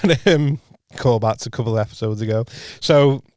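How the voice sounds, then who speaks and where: A man's voice: medium pitch, fairly quick, darkish tone, dry recording, studio quality. A young man, co-hosting a podcast and telling a rambling story full of restarts and acted-out quotes. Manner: rambling, many restarts, acts out quoted voices. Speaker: podcast co-host. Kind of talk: casual storytelling chat.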